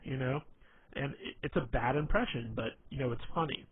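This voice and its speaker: A man with a mid-range, slightly breathy voice gives casual advice on being funny at normal speed, rambling and filling his talk with phrases like "you know." He presents on dating and humor, and the audio sounds tinny and phone-like with faint hiss.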